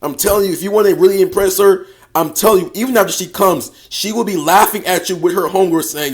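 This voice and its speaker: Give me a male dating coach with a slightly high voice, talking slangy, emphatic, and profane. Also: fast talker, hardly any pauses. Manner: repeats phrases and addresses listener as bro. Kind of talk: casual advice monologue.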